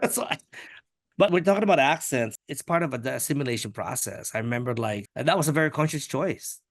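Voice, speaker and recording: An older man from the Philippines, an artist talking candidly in an interview, frank and opinionated, with a pace that speeds up and slows down. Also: medium pitch, lively intonation. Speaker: artist, podcast guest.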